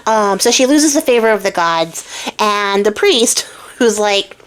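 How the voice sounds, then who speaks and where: A woman's voice: medium pitch, animated, unhurried. Chatty woman retelling a legend. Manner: chatty, slangy, many fillers. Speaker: channel host, storyteller. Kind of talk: casual storytelling while crafting.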